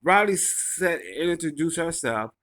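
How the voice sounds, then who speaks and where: A man's voice: fairly high pitch, lively intonation, measured pace, fairly bright tone. A man casually recapping a reality show episode, rambling and gossipy, full of fillers and restarts.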